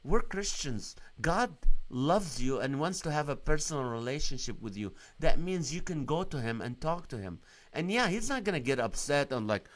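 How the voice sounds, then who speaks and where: A man's voice: a little high, expressive, moderate pace, fairly bright tone. Earnest man preaching on a live stream. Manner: earnest, exhorting, asks many rhetorical questions. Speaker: host of a live Christian stream.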